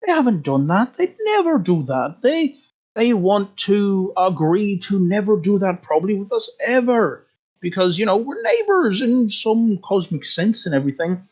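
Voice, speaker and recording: A game master voices a quiet, reasonable figure who pleads for peace in a raised voice. The tone stays soft and measured. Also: male voice, sits high, very animated, voice pushed up. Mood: reasoning.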